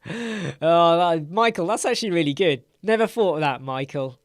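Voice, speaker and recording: A middle-aged Englishman runs a relaxed live Q&A as a livestream host, sounding tired as he yawns and rambles in a friendly, chatty way, greeting viewers by name and repeating words. His voice sits a touch high for a man and moves at normal speed, recorded close and dry with no room sound.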